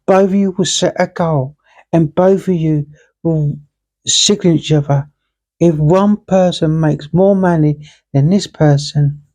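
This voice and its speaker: A woman's voice: low-pitched, dark tone. A woman, telling a playful story in a rambling, casual monologue. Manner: chatty, playful storyteller acting out both sides. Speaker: vlogger.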